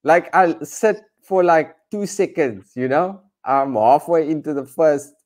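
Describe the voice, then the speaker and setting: Animated Cape Town man on a video call. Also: a little high, unhurried. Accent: Cape Town South African. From South Africa. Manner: animated, self-deprecating, lots of restarts. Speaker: comedian guest. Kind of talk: casual video-call interview. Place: on top of a garage, outdoors.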